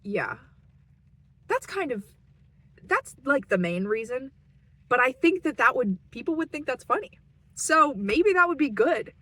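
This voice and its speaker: A young woman talks to the camera from her car in a loose, rambling monologue. Her voice is a little husky and sits on the high side, and it swings up and down a lot as she jokes about herself. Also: big pitch swings, unhurried, pauses often, pushed and bright, rough recording. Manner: self-deprecating, chatty, rambling with giggles. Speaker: vlogger. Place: parked car.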